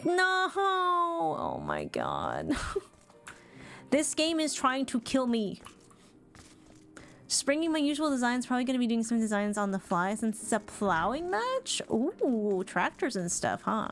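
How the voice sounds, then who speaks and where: A woman streamer with a slightly high voice talks through a game, reacting with dramatic, expressive outbursts. Faint game music plays underneath. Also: moderate pace. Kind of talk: let's-play commentary, reading dialogue aloud.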